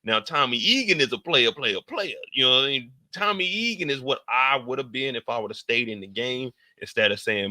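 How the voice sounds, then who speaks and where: A man hosting a live stream, reacting to a TV episode in slangy, animated storytelling with sudden loud, high outbursts. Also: brisk, few pauses, no echo. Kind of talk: casual live reaction commentary.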